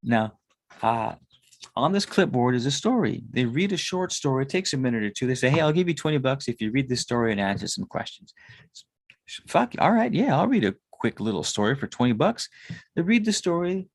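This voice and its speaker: Gravelly guy in his 30s rambling and cursing a lot, dry close sound. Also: medium pitch, sing-song, brisk, no echo. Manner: rambling, swears often. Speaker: tarot reader and spiritual consultant. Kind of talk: casual monologue.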